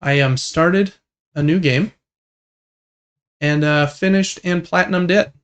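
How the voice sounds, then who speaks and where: A man co-hosting a gaming podcast, chatting casually in a relaxed, rambling way with lots of fillers. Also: a little high, takes it slowly, clean tone. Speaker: podcast co-host. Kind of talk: casual chat about video games.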